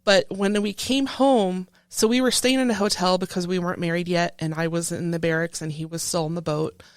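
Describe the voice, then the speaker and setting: A woman who is a military veteran, telling a painful personal story in an interview in halting speech full of restarts. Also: on the low side, steady tone, no room sound, studio quality. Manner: halting, with many restarts, recounting a painful memory. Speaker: veteran guest.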